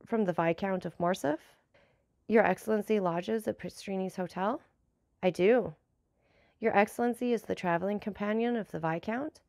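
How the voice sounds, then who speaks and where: Woman reading a classic novel, slight fry. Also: darkish tone, dry recording, studio quality. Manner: measured, lightly varies pitch for dialogue. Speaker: audiobook narrator. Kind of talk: classic novel read aloud, voicing characters lightly.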